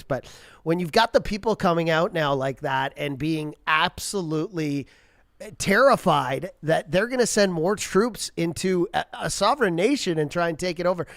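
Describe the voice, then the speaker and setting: A man's voice: on the high side, fairly bright tone, no echo, clean studio sound. A man co-hosting a casual political chat, hedging loosely with lots of "like" and false starts. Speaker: co-host.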